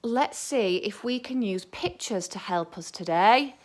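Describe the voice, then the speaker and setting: A woman teaching a home maths lesson to young children, talking slowly and clearly in an encouraging teacher's manner. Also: medium pitch, expressive. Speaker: early years teacher.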